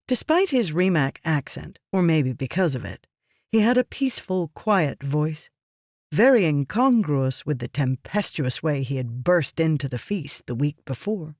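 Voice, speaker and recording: An audiobook narrator reading a fantasy novel in a measured, even storytelling voice. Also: medium pitch, dry recording, clean studio sound.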